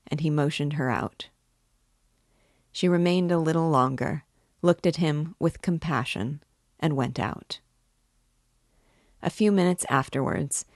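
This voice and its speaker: Brief: woman reader for a novel reading lesson, low and measured, dry close mic. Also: no echo. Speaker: literature teacher reading aloud. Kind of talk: novel read aloud.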